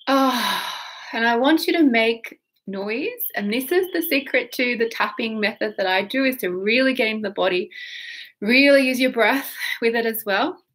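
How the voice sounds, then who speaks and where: A woman's voice: fairly high pitch, normal speed, a bit bright. A woman coaching a guided tapping session, talking casually and breaking into exaggerated emotional phrases and breaths. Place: home setup on camera.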